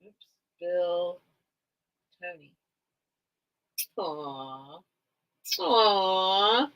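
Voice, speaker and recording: On a muffled recording, a woman hosts a live vintage sale, talking loosely with her audience and her cat and drifting off topic often. Her voice is lowish and fairly bright in tone, expressive, and she speaks very slowly.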